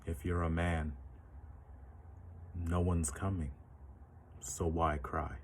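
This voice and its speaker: A man with a very deep, low voice talks through an idea in a calm, measured monologue. He keeps putting questions to the listener and answering them himself, with a faint hiss underneath. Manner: measured, poses rhetorical questions. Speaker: commentator. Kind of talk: reflective monologue to camera.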